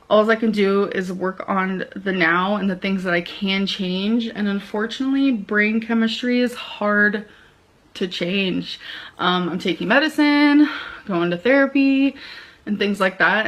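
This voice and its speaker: A woman's voice: medium pitch, fairly bright tone. A woman talking casually to camera in a vlog, hesitant and full of fillers.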